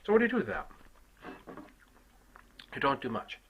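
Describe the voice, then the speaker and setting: A man telling a family story as a comic rant, swearing heavily and swinging from loud outbursts to hushed asides. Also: mid-range voice, wildly swooping pitch, normal speed, dull audio, heavy background noise. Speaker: comic ranter.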